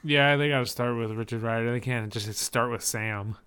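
A man's voice: mid-range voice, moderate pace, fairly bright tone, smooth. A man hosting a podcast in casual chat, wry and upbeat. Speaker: podcast host.

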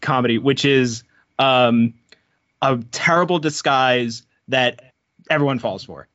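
Man, co-host: mid-pitched, measured, hesitant explainer, dry dull recording. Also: a bit bright, dry recording. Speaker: podcast co-host. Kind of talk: casual film-discussion chat.

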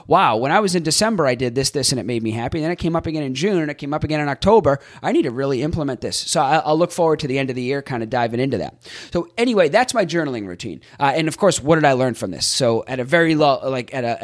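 A man hosting a podcast, recapping on his own in a chatty way, thinking out loud and tossing in rhetorical questions. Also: medium pitch. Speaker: podcast host.

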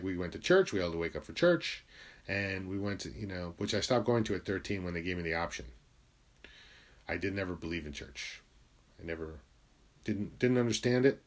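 A young man from Connecticut, USA, speaks candidly about his life in a blunt, confessional monologue. He curses freely and at times slips into quiet, low asides.

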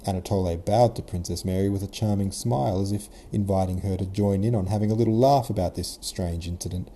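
A man's voice: low-pitched, fairly even intonation, a little fast, warm tone, slight background noise. A man reading a classic novel aloud in a casual modern retelling, as the podcast host. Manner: casual modern retelling, occasional self-corrections. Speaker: podcast host and audiobook reader. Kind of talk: scripted narration.

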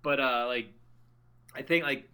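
A man's voice: mid-range voice, measured pace, pushed and bright, clean tone. A young man co-hosting a casual movie podcast, rambling with fillers and casual swearing.

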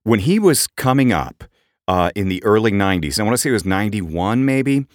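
A middle-aged man co-hosting a podcast, telling animated anecdotes in casual chat and jumping up in pitch for quoted voices. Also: brisk, no room sound, studio quality. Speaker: podcast co-host.

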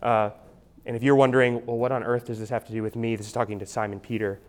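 A man's voice: medium pitch, little pitch movement, quick pace. A man preaching an expository sermon as a pastor, explaining in a conversational teaching manner with frequent restarts and an asked "right?".

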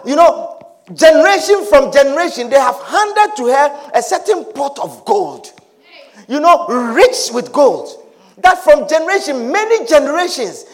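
A male preacher giving a dramatic sermon, repeating phrases and often shouting. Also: very high voice.

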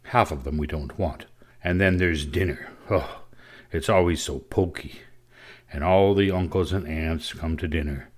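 A man's voice: very deep voice, a little slow. A man reading the part of a bored teenage boy who complains in a world-weary way. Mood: grumbling. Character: bored sulky teenage boy grumbling about Christmas.

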